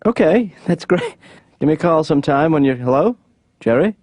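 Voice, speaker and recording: An actor playing an aimless, sarcastic young adult son in a cartoon, with a dry, mumbling, deadpan delivery. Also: male voice, fairly high pitch, moderate pace, no echo. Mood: offhand. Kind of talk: cartoon voice acting.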